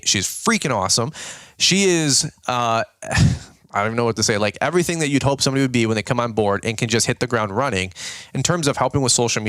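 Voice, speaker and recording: A man running a lawn care channel talks to his viewers in a loose, rambling way, tossing in "dude" and "okay?" as he goes. He speaks quickly and chattily. His voice sounds close and dry, with no room around it. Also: mid-range voice, fairly bright tone, dry recording. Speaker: lawn care business host. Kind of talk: casual business update to viewers.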